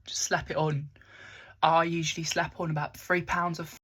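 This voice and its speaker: A woman's voice: sits low, flat delivery, moderate pace, heavy background noise. A young woman, chatting casually through a makeup tutorial in her bedroom, rambling and poking fun at herself. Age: young adult. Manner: rambling, chatty, self-mocking. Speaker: makeup vlogger.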